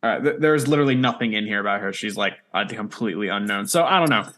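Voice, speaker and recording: A man's voice: on the low side, lively intonation, fast talker, fairly bright tone. A man hosting a podcast, recapping an episode in casual chat, jokey and swearing freely. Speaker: podcast host.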